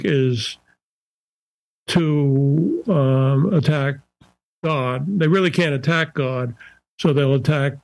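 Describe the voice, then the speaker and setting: Older man with a gravelly, dry voice. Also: medium pitch, a little mellow, dry recording, low-quality recording. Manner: measured, searching, often restarting phrases. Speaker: psychiatrist guest. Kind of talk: conversational podcast interview.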